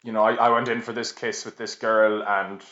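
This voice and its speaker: A man's voice: fairly low pitch, little pitch movement, a little fast, a bit bright. A young Irish man in his late twenties, a podcast guest, telling stories in a chatty, self-mocking way and laughing often. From Ireland. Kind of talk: casual storytelling. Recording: roomy, slightly dull recording.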